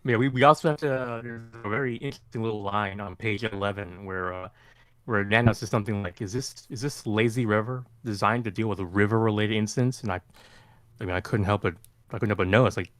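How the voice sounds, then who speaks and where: A man with a lowish, bright, tense voice who talks fast. He co-hosts a casual stream over a voice call and rambles, restarting his sentences. The sound is dry and close. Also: dry recording. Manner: rambling, self-correcting, quick. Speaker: co-host of a manga re-read stream.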